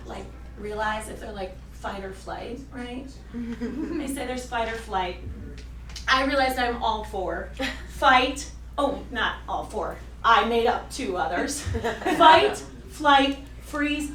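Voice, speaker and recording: A woman performing a stand-up comedy set on a club stage, animated and self-mocking, breaking into loud yelled bits. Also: a little high, slight background noise. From suburban Detroit. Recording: roomy club sound from a distance with crowd. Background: audience laughing.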